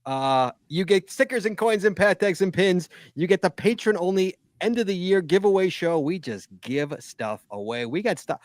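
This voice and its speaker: A man's voice: sits high, lively intonation, normal speed, hardly any pauses, dry recording, studio quality. A man hosting a live call-in podcast, playful and teasing, with announcer-like reads. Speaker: podcast host.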